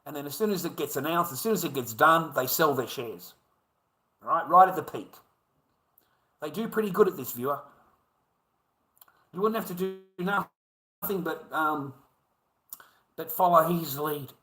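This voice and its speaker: A man with an Australian accent rambles through a coarse livestream rant, cursing in nearly every sentence. His voice sits noticeably high for a man, and the room around him rings with echo. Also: lively intonation, measured pace, pauses often, a bit bright. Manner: crude, swears constantly, rambling.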